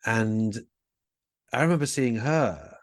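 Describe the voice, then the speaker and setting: A British man, a singer guest, talking in a relaxed interview and telling stories with lively ups and downs. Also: no echo, clean studio sound. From Britain. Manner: chatty, animated storyteller with quick bursts of pitch. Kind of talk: casual interview chat.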